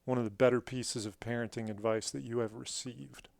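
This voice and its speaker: A man hosting a podcast, asking parenting questions in a relaxed, conversational way. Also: mid-range voice, fairly quick, creaky, dry recording, studio quality. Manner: relaxed, conversational, says "dude". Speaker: podcast host. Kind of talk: casual interview chat.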